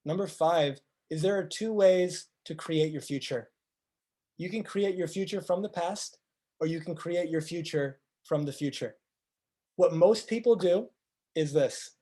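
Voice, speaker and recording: A man with a high, mellow voice delivers a motivational talk. He speaks earnestly and stacks up rhetorical questions to drive each point home. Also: measured pace. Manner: earnest, acts out quoted speakers in lively voices. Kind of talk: motivational presentation.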